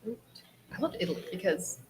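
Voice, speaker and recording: A woman author talking loudly and quickly in a casual panel chat at a convention. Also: crowd noise. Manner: loud, quick, animated talker. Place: convention panel room with audience.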